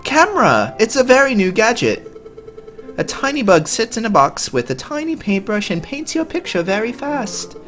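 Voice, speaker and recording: A man voicing a cheerful, naive young noblewoman in a game, in a high, bubbly, singsong voice. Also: huge pitch swings, normal speed, fairly bright tone, soft background music, heavily acted. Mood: chirpy.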